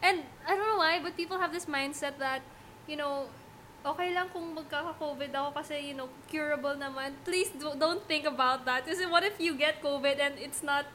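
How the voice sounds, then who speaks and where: A woman's voice: high-pitched, a little fast, bright, forceful tone, slight background noise. A young woman co-hosting a casual podcast, earnest and pleading with listeners. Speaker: podcast co-host. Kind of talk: casual chat.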